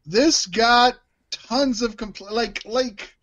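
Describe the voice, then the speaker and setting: A man's voice: very high voice, drawn-out words, a bit bright. A man co-hosting a wrestling podcast, chatting casually and bluntly, with frequent swearing. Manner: opinionated, swears, restarts sentences. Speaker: podcast co-host. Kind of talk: casual chat.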